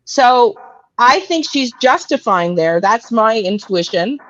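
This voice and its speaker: A woman's voice: a little high, expressive, a bit bright, muffled recording. A blunt, outspoken woman host giving casual commentary on a clip, swearing freely. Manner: blunt, swears, talks in quick bursts.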